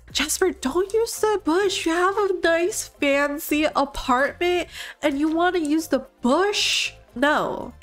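A woman's voice: extremely high pitch, takes it slowly, faint music behind. A young woman giving bubbly, exclamatory commentary while playing a life-sim game. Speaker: gaming content creator.

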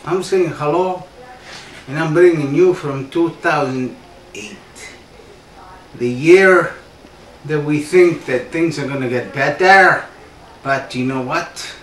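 A man's voice: fairly high pitch, takes it slowly, pauses often, fairly bright tone, a little hiss or hum. A man hosting a comic show, rambling in a playful, mock-earnest way with a put-on Canadian accent. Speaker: comedy show host. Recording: roomy echo, distant mic.

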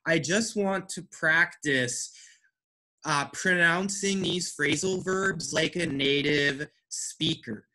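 Slow, bright-voiced male English teacher. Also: a little high. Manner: patient, encouraging, explains step by step. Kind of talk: online language lesson.

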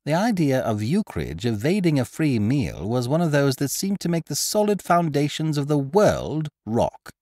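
A man narrating a classic story as a podcast host, with expressive, scripted storytelling on a studio microphone. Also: fairly high pitch, normal speed, few pauses, no echo.

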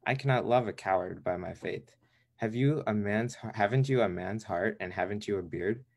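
A man's voice: fairly low pitch, moderate pace, darkish tone. A man voicing a scolding female hen, the rooster's wife, in a firm, chiding way.

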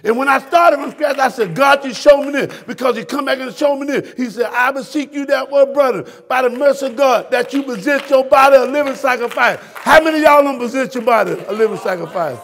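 A male pastor with a Southern US accent, preaching a fiery sermon that swings from shouted peaks to hushed drops. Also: extremely high pitch, a little fast, creaky, hardly any pauses. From Florida, US.

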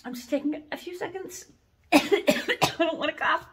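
A young adult woman hosting a casual product vlog, rambling and animated as she chats about corsets. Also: very high voice, normal speed. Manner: rambling, animated, laughs and coughs often. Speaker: corset shop host.

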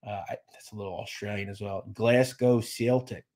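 A man's voice: lowish voice, monotone, fast. A man hosting a live show, chatting casually, reading viewer comments and thanking them by name, with lots of fillers and restarts. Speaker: podcast host reading live chat. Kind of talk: casual livestream chat.

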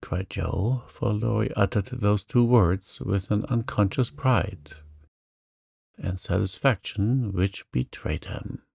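A man reading a classic novel aloud as a calm bedtime story, in a soothing, even manner. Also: lowish voice, slow pace, creaky, slightly rough, no echo, clean studio sound. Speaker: narrator.

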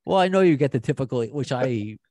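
A man's voice: medium pitch, animated, a little fast, mellow, dry recording. A man from Long Island hosting a podcast, chatting with a guest in an enthusiastic, joking way. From Long Island, New York. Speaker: podcast host. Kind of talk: casual podcast chat.

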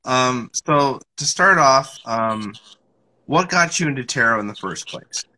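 Bright-voiced hesitant male podcast host. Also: medium pitch, animated, unhurried, rough recording. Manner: hesitant, many ums and restarts. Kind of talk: casual interview.

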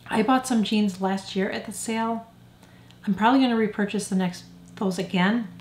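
An older woman talks casually and frankly about what she would and would not buy. Her voice sits at an ordinary middle pitch. The room around her rings with noticeable echo. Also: moderate pace, darkish tone, slight background noise. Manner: chatty, opinionated, frank. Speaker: beauty vlogger. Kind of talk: casual product review vlog. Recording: echoey room.

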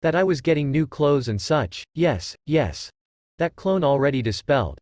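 A man's voice: a little high, expressive, moderate pace, a little mellow, no room sound, close to an everyday voice. A man as a blunt, confident ninja boy. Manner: blunt and matter-of-fact.

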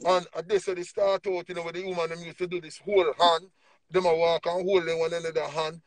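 A man with a Jamaican accent preaching emphatically on a livestream, swinging between low murmurs and loud bursts. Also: level tone, fast, no echo. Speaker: livestream speaker.

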